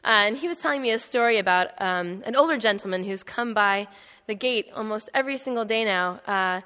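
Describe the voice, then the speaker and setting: A woman's voice: mid-range voice, a little fast, pushed and bright, smooth. A woman giving a public talk at an indoor event, chatty and anecdotal, with many fillers and restarts. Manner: conversational, storytelling with frequent fillers and restarts. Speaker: panel speaker. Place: indoor hall. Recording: long hall reverb.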